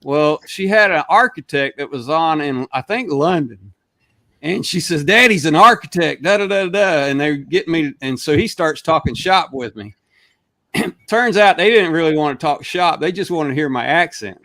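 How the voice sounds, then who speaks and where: A man's voice: fairly high pitch, lively intonation, normal speed, a bit bright, no room sound. A middle-aged man hosting a casual chat, telling stories and laughing at his own jokes. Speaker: host.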